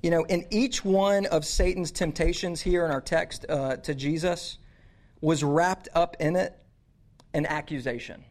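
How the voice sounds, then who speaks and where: A man's voice: on the high side, fairly even intonation, a little slow, a little mellow. A man giving a youth sermon, casual and conversational, with frequent restarts and slang. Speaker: youth pastor.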